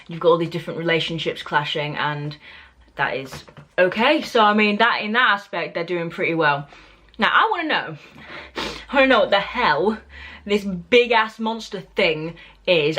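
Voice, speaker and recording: A young woman with a British accent talks straight to camera in a casual review vlog, her voice sitting a bit low. She is opinionated and loose, full of fillers, restarts and asides. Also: sharp tone. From Britain. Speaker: book and TV reviewer.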